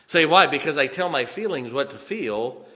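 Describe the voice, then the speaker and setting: A man preaches in a homespun, chuckling manner, often pausing to check on his listeners. His voice is a bit high and bright with a forceful edge. It rings with the long echo of a church hall. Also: animated. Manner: folksy, chuckles often, keeps checking on the congregation. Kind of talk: sermon.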